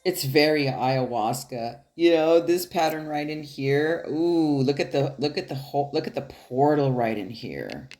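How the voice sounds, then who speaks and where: A woman's voice: low-pitched, expressive, a little slow, hardly any pauses, darkish tone. A woman giving a casual tarot reading straight to her viewers, chatty and loose, swearing now and then and laughing often. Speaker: tarot card reader.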